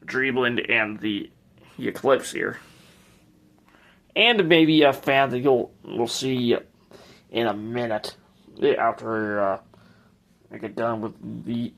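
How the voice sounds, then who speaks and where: A man's voice: medium pitch, creaky, a bit bright. A man hosting a casual tour of his ceiling fan collection, speaking in a hesitant, rambling way with frequent restarts.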